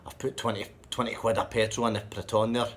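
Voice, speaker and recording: A man voicing a volatile, hot-tempered young coworker, muttering low, sweary threats. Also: level tone, fast, natural voice. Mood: exasperated.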